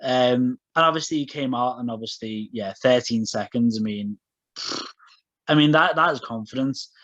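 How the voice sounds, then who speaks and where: This podcast co-host speaks at a normal speed in a medium-pitched, slightly bright voice. His casual chat rambles, with lots of fillers and restarts, and the dull lo-fi podcast audio has no echo.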